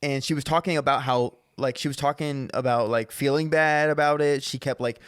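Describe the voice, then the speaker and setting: A man co-hosting a podcast and telling a profane, animated story as a stand-up comedian in casual chat. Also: mid-range voice, a little fast, clear, resonant tone, no echo, clean studio sound. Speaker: podcast co-host.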